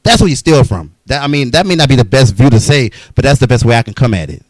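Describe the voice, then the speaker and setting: A man's voice: medium pitch, animated, quick pace, dry recording, rough recording. A man telling his own life story in a blunt, profane, heated monologue.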